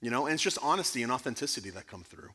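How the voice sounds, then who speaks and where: A man speaking as guest speaker at a church conference, answering audience questions in an earnest, animated way. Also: medium pitch, racing. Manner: earnest, animated, rising to emphatic bursts. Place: church sanctuary.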